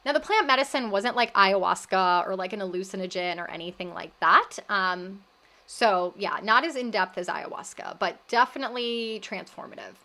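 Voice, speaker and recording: A woman hosting a wellness podcast, recapping her experience in an animated, casual storytelling way and acting out the voices she quotes. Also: medium pitch, normal speed.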